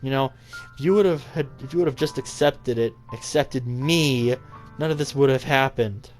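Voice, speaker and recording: A man's voice: mid-range voice, moderate pace, faint music behind, pitched above the performer's own voice, lightly acted. A man doing a drowsy, despairing girl. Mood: drowsy, bitter.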